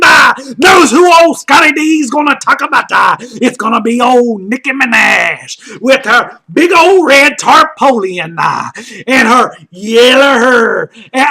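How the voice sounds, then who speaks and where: A man delivering a loud, mocking comedic rant, often shouting and rambling with lots of "uh" fillers. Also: very high voice, creaky. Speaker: comedic commentator.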